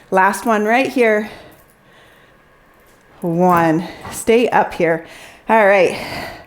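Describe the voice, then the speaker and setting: Breathy, encouraging woman counting reps. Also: on the high side. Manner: encouraging counting coach, audibly working out alongside. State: slightly out of breath. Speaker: pilates instructor. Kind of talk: workout class instruction.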